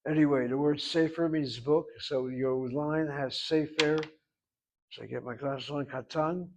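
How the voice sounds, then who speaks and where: Male teacher, slightly high pitch; patient, long-winded explainer who keeps posing questions to the class. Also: fairly even intonation, measured pace, rough recording. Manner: patient, explains at length, asks rhetorical questions. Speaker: Hebrew instructor. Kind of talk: online language class.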